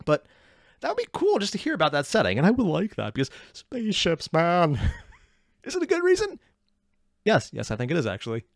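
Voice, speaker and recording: Animated sarcastic man reacting. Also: high voice, fairly quick, gravelly, no room sound. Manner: animated, sarcastic asides, laughs at own jokes. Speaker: reaction channel host. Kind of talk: casual reaction commentary.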